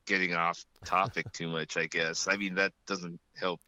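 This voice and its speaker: Low, bright-voiced rambling man. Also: little pitch movement, moderate pace, no room sound. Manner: rambling, filler-heavy, self-deprecating. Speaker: guest. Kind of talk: casual chat. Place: at work.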